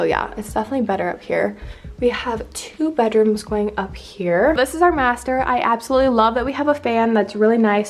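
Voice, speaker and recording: A woman's voice: fairly high pitch, a little mellow. A young woman vlogging a tour of her empty apartment, chatty and upbeat, with lots of "like" fillers. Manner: chatty, uses "like" often, upbeat. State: a bit out of breath. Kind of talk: casual home tour vlog. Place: empty apartment with bare rooms, indoors.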